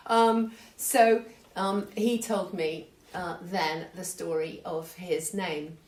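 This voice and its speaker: A woman telling a true story to an audience in an unhurried, conversational, self-deprecating way. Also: lowish voice, fairly even intonation. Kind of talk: live storytelling. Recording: echoey hall, distant mic, faint noise.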